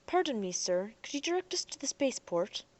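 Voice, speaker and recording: Woman reading as a polite reserved young guy, measured and careful. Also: a little high, big pitch swings, darkish tone, dry recording, pitched above the performer's own voice.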